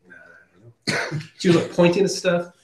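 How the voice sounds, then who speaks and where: A man co-hosting a podcast, telling stories in a lively, animated way. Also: sits high, normal speed. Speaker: podcast co-host. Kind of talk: casual storytelling chat. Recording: roomy room with faint noise.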